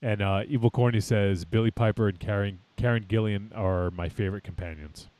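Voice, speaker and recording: A man with a fairly low voice reads listener messages aloud in an easy, laid-back way. The tone is a relaxed podcast chat. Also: brisk, slight background noise. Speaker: podcast co-host reading chat. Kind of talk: casual chat.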